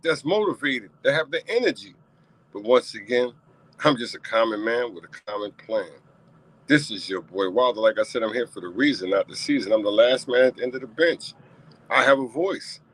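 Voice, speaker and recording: A man hosting his own unscripted sports talk stream, passionate and repetitive, his voice climbing toward near-shouting in rants. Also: medium pitch, no room sound, low-quality recording. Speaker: talk show host.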